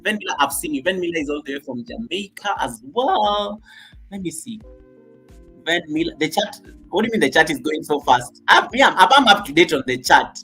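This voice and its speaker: A man's voice: a little high, bright, forceful tone, poor audio. A man hosting a casual livestream, chatty and repetitive, greeting viewers one by one by name. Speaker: livestream host.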